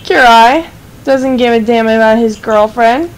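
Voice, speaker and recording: A woman dishes out gossip on a casual group call, chatty and peppered with ums. Her voice sits high for a woman. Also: unhurried, rough recording. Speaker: voice chat participant.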